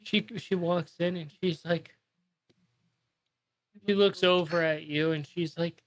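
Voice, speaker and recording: Woman GM, slow, casual narration of a tabletop scene. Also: lowish voice, fairly even intonation. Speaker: game master.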